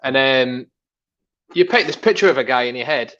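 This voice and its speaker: A man's voice: mid-range voice, animated, normal speed, a bit bright, highs cut off. A man, a guest musician rambling in casual chat.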